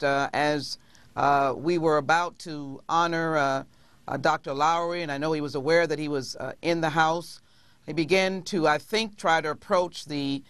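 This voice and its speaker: A woman speaking as a congresswoman in a TV interview, measured and pausing often with hesitations. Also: sits low, no room sound. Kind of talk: TV interview guest.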